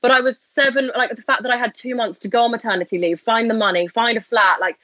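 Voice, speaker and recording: A young woman telling a personal story as a guest in a casual interview, animated and acting out the voices of others. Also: fairly high pitch, fast talker, no room sound.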